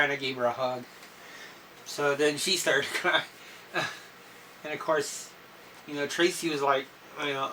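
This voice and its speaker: A man in a personal video diary, talking haltingly with many fillers and clearing his throat and coughing now and then. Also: a little high, steady tone, bright, forceful tone. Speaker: vlogger. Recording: slightly distant mic with faint noise.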